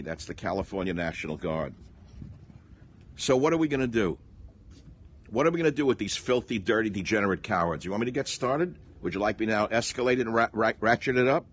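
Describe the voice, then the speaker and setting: An older man with a low voice rants through a political monologue. He swings from loud indignant outbursts down to low, muttered asides. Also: lively intonation, moderate pace, breathy edge. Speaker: radio talk host. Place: small cottage by the bay.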